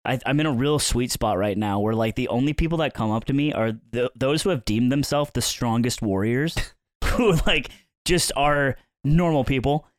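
Man, podcast co-host, lively anecdote teller, mid-pitched voice, dry close sound. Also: moderate pace, no room sound. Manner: animated, acts out quoted people with sudden pitch jumps. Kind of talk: casual storytelling chat.

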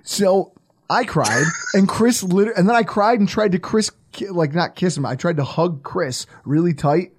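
A man hosting a casual podcast chat, animated and openly emotional, laughing often. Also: high voice, measured pace, slightly rough. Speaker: podcast host.

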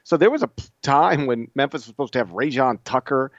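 A middle-aged co-host of a relaxed sports podcast rambles through stories and ribs his partner, speaking fairly quickly in an animated, medium-pitched voice. The recording has no echo but sounds dull and lo-fi.

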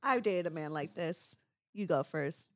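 A woman's voice: sits low, animated, measured pace, no room sound, studio quality. Giggly young woman podcast host. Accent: Southern Californian. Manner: laughs often, talks with many "like" fillers. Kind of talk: casual chat.

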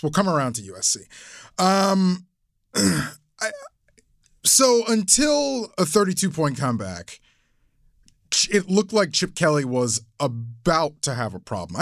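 A man co-hosting a casual sports podcast, halting and restarting often as he talks. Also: fairly high pitch, a bit bright, no room sound, clean studio sound. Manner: halting, restarts, laughs easily. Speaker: podcast co-host.

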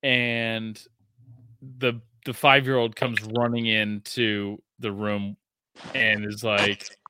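A man in his thirties hosting a casual sports podcast, telling stories excitedly and swearing freely. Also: on the low side, slow pace, clear, resonant tone, no room sound. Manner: excitable, profane storytelling. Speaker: podcast host.

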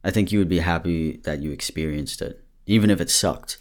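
A man's voice: low voice, a little fast. A young man hosting a podcast, giving a rambling, earnest motivational talk and a little out of breath, with restarts and the odd swear word. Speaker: podcast host.

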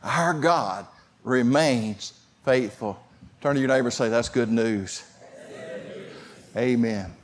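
A pastor preaching a sermon, talking conversationally and calling out to the congregation. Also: male voice, medium pitch, takes it slowly, pauses often, a little hiss or hum. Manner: conversational preaching with audience call-outs.

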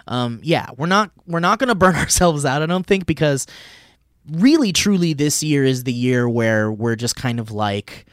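A man's voice: on the high side, expressive, normal speed, dry recording, studio quality. A man co-hosting a casual podcast chat, rambling and upbeat, laughing often as he talks. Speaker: podcast co-host.

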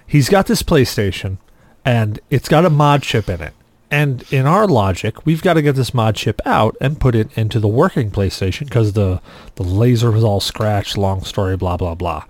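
A man co-hosting a podcast, telling a story in a casual, animated way and acting out the quotes. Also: fairly low pitch, normal speed, no echo. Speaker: podcast co-host.

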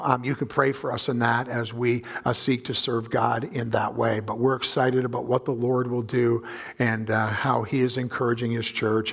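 A man preaching a guest sermon in a church, earnest and conversational, with frequent pauses and filler sounds. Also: on the high side, a bit bright. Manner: earnest, many filler uhs and ums. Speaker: pastor. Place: church sanctuary.

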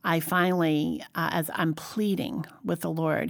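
A woman co-hosting a faith-based conversation, speaking in a reflective, gentle way. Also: sits low, little pitch movement, unhurried, creaky, few pauses, dry recording. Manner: reflective, gentle, scripture-minded. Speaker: co-host.

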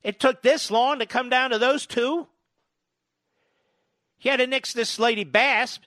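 A male talk radio host delivering a combative, sarcastic political monologue full of rapid-fire rhetorical questions. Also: sits high, sharp tone, dry recording, studio quality.

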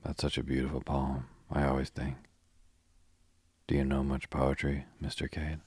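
A man's voice: rumbling low, monotone, normal speed, a little mellow, slightly rough, dry recording, full character voice. A man voicing a gushing young woman tourist who eagerly questions her guide.

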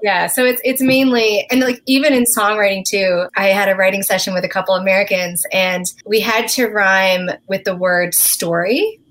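A woman's voice: mid-range voice, fairly even intonation, normal speed, hardly any pauses, a bit bright. Chatty Newfoundland singer-songwriter, woman. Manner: chatty, uses many "like" fillers. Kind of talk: casual interview chat.

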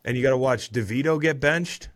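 A man's voice: mid-range voice, a little fast. A man in his thirties, a former football player hosting a podcast, recapping the week's games in casual chat with swearing and rambling asides.

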